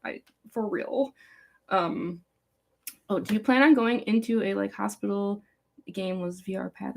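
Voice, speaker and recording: A woman's voice: medium pitch, steady tone, a little slow, creaky, long pauses, a little mellow. A young woman from Chicago with a California-sounding accent, chatting casually on a live Q&A with a rambling, giggly valley-girl manner full of likes and ums. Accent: California-sounding American. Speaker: fanfic author hosting a live Q&A. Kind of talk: casual livestream chat.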